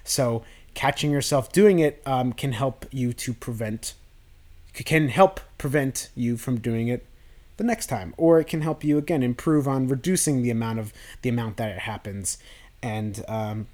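A man's voice: mid-range voice, normal speed, a little mellow. A man hosting a self-improvement podcast, talking through his thoughts in a loose, rambling way with many restarts. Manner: rambling, with frequent restarts and fillers. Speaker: podcast host.

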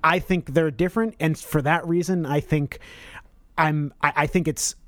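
A man's voice: fairly high pitch, steady tone, normal speed, fairly bright tone, no room sound, studio quality. A man co-hosting a podcast in casual chat, rambling with many restarts and self-corrections. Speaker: podcast co-host.

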